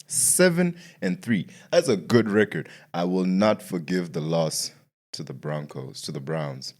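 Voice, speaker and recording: A sports podcast host with a fairly low male voice, talking casually in slangy asides. He vents and circles back to the same complaints over and over, building a rant out of repetition. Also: a little mellow.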